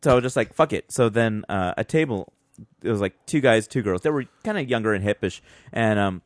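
A man's voice: on the low side, expressive, fairly quick, no room sound, studio quality. A man co-hosting a podcast, telling a long story in a rambling way, with many fillers and restarts and frequent laughs. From Mexican heritage, grew up in US. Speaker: podcast co-host. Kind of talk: casual storytelling.

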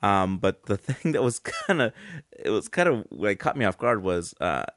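A man in his thirties, a comedian co-hosting a podcast, telling stories with squeaky voiced asides. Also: sing-song, normal speed, fairly bright tone, dry recording, clean studio sound. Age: 30s. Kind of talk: casual podcast banter.

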